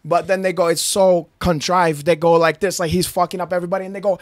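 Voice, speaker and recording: A man's voice: high-pitched, little pitch movement, quick pace. A man in casual chat, cursing often, laughing, and speaking in broken English.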